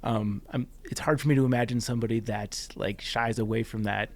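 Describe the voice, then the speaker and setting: A man's voice: mid-range voice, fairly even intonation, fairly quick, a little mellow. Male podcast host, mid-range voice, upbeat and chatty with easy laughs. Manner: friendly, enthusiastic, laughs easily. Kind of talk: casual interview chat.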